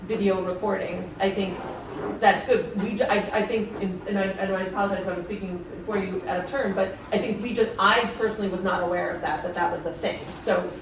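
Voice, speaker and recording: A woman's voice: mid-range voice, fairly even intonation, fairly quick, noisy background. A woman at a public board meeting, speaking conciliatorily and hesitantly, with many restarts. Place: town meeting room. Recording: echoey room from far off.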